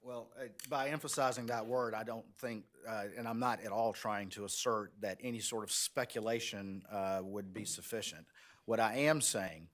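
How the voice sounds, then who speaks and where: A man, a prosecutor making an oral argument before an appeals court, earnest, with frequent restarts that build into a steady push. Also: lowish voice, moderate pace.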